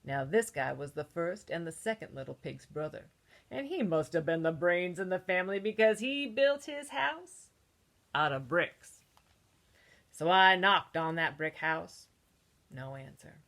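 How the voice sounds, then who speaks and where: This is a heavily acted take by a woman performing a sly male wolf who shares his own account of a children's story in a cheeky, conspiratorial manner, gasping and sneezing as he goes. Her fairly low voice is a bit bright, a little slow, and full of big pitch swings.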